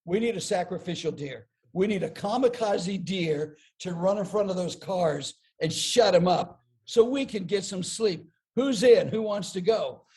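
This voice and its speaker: A man's voice: sits high, animated, unhurried, few pauses, darkish tone. A man voicing an elder deer who calls a forest meeting and rallies the herd with urgency. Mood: rallying.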